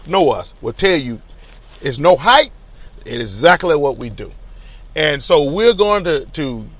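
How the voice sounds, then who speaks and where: A man, a teachers union leader telling a story in an animated, colloquial and emphatic way. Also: fairly high pitch, dry recording. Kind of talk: casual spoken storytelling.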